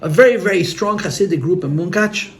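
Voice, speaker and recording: A man's voice: high-pitched, brisk. A man speaking as a rabbi to a gathering, telling stories in an earnest, heartfelt way, repeating his words and using Yiddish and Hebrew terms. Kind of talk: storytelling talk at a gathering. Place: room with listeners.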